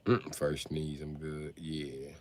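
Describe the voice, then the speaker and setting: A man's voice: extremely low pitch, slow pace. A man hosting a casual livestream, ranting and joking with a lot of swearing. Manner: animated, profane ranting, laughs at his own jokes. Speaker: livestream host.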